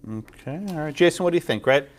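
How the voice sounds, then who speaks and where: Lively male law professor lecturing. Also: on the high side, fast, slight background noise. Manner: lively, quizzes students, frequent tag questions. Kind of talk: classroom lecture. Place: lecture classroom.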